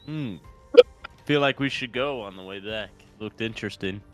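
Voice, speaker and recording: A man's voice: fairly low pitch, moderate pace, a bit bright, faint music behind. A man playing a tabletop game, speaking in character with incredulous questions and frequent stammers. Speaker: player.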